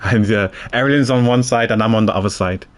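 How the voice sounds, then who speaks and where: A man's voice: fairly low pitch, quick pace. A man streaming a game, chatting casually and animatedly, stammering a little when he explains things. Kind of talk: casual gaming commentary.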